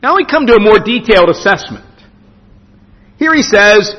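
Guy preaching, high voice, swoops all over, long hall echo, kinda dull lo-fi sound. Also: animated. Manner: emphatic preaching with dramatic pauses. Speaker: pastor. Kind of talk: sermon.

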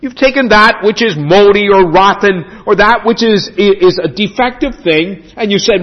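A man preaching a sermon as pastor in a church, emphatic with dramatic pauses. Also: high voice. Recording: dull lo-fi sound with long hall reverb.

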